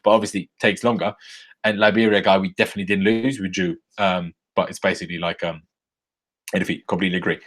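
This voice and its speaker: A young man live-streaming a rant after a football match, angry and swearing, jumping from loud outbursts to low muttering into a desk microphone. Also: little pitch movement, quick pace. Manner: angry, swearing, swings between shouting bursts and low muttering.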